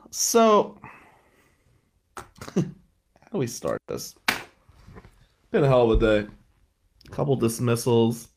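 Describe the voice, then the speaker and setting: A man's voice: mid-range voice, sing-song, slow, gravelly, pauses often, music in the background. A middle-aged man, an attorney hosting a show, telling stories in a profane, ranting way and sounding exhausted. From Atlantic City, New Jersey. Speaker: attorney and podcast host. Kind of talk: casual monologue.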